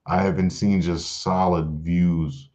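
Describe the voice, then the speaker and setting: This is a live-streamed religious class taught by a slow-speaking man with a deep voice. The stream audio is dull, and his delivery is animated preaching full of repeated phrases and offhand asides.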